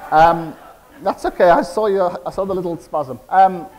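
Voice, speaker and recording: Cumbrian man giving a lively keynote. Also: high-pitched, moderate pace, rough recording. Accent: English, Cumbrian. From England. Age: 40s. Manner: conversational, asks the audience questions. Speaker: keynote speaker. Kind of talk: conference keynote speech. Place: conference hall.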